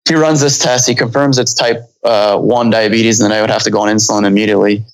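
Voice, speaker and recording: A man's voice: lowish voice, fairly even intonation, fast talker, rough recording. A man in his thirties, a pilot, telling a long story in a casual interview, rambling with many fillers and restarts. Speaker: pilot guest.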